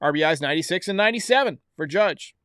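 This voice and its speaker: A man's voice: on the high side, expressive, fast, a bit bright, clear, resonant tone, no echo, studio quality. A man hosting a baseball recap show, giving blunt, opinionated commentary straight to his viewers. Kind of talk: solo sports recap commentary.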